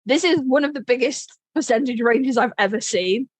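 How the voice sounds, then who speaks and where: A woman's voice: a little high, normal speed, husky, no room sound. A woman co-hosting a podcast in casual chat, blunt and self-deprecating, swearing freely. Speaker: podcast co-host and instructor.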